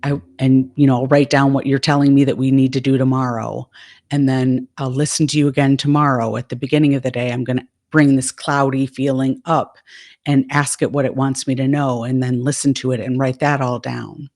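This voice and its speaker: A woman's voice: a bass voice, level tone, fairly quick, a little mellow. A woman life coach in a casual monologue, retelling a session and quoting the dialogue back and forth.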